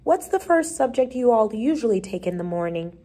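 A woman doing a brisk, bossy little schoolteacher. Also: on the high side, very animated, mellow. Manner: crisp, commanding, dismissive.

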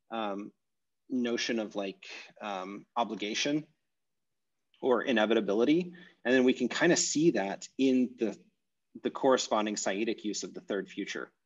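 A man teaching an online language class, thinking aloud with many pauses and self-corrections. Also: mid-range voice, muffled recording. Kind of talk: explaining grammar in a live online class. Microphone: video call.

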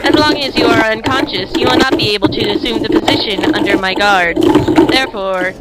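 A young gamer putting on an improvised, halting impression of a cold female AI computer. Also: medium pitch, heavy background noise, natural voice. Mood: mock menacing.

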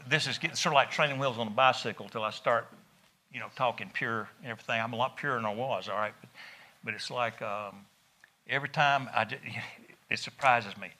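A middle-aged man, preaching a sermon in a folksy, animated storytelling way. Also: mid-range voice, a little fast, long pauses. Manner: folksy, animated storytelling with laughs and rising emphasis.

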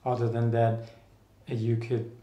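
Over a muffled recording, a Dutch artist guest speaks at medium pitch with a completely flat delivery. Musing in an echoey room in a casual interview conversation, he is thoughtful and halting, restarting often and using many fillers.

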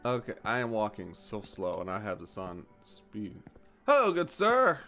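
A man giving casual, animated commentary while playing a store game, jumping to high excited exclamations and mock-polite shopkeeper lines. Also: moderate pace, soft background music. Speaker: gaming YouTuber.

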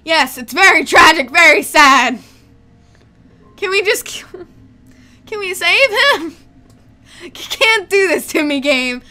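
Young woman let's-player, bright and sharp in tone, excitable and emotional. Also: very high-pitched, slow pace, long pauses. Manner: excitable, emotional, pleading with the game. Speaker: let's play gamer. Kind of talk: reacting to a video game. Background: faint game music.

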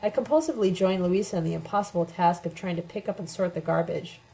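A woman reading a first-person letter aloud in a steady, measured way, as an audiobook reader. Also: lowish voice, creaky, rough recording.

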